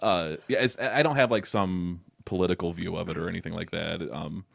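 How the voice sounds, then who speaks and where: A man's voice: low voice, fairly even intonation, fairly quick, gravelly, a bit bright, no echo. A young man chatting as a podcast guest, telling rambling stories with plenty of swearing and laughter. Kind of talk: casual chat.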